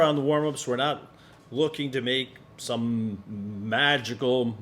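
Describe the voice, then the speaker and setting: A man leading a singing warm-up lesson as a voice teacher, calm and encouraging. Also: mid-range voice, slight background noise. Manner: calm, encouraging instructor, demonstrates sung vowels. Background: piano accompaniment.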